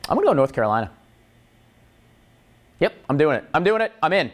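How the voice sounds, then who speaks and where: A man's voice: fairly high pitch, fast, long pauses. A man hosting a morning show, chatting in a jokey, wisecracking way and throwing in puns. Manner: punning, wisecracking, animated.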